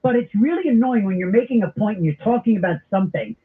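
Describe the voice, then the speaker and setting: A middle-aged man hosting a talk radio show, telling stories in an animated, comic way. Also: sits high, quick pace. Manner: animated storyteller with comic impressions. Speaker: radio host. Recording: tinny phone-like broadcast audio.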